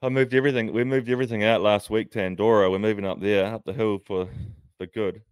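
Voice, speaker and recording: A man's voice: fairly low pitch, level tone, fast, smooth, no echo, clean studio sound. A man co-hosting a podcast in casual chat, rambling and laughing often, talking from a near-empty house while sitting on a bed. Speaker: podcast co-host, pro cyclist.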